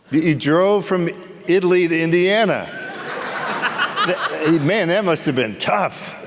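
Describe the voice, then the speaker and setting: Man on a con panel teasing the crowd, playful quick jokes, kinda high voice, big echoey hall. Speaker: actor on a convention panel. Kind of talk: comedic Q&A banter with the audience. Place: convention hall.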